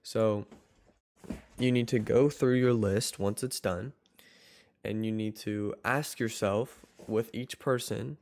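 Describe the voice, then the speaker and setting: An online course coach with a lowish, darkish voice walks viewers through steps in casual tutorial talk. He's loose and chatty, rambling and correcting himself, often restarting sentences.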